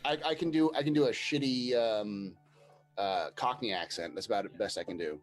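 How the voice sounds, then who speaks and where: A man's voice: on the low side, a little fast, soft background music, poor audio. A man chatting casually as a co-host of a tabletop game show, often restarting his sentences. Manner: stammering restarts, laughing easily. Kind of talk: casual chat.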